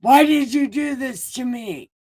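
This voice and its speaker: A woman's voice: deep voice, takes it slowly, darkish tone, no echo, clean studio sound. A woman voicing a flustered, whiny first man in a comic retelling, complaining and blaming.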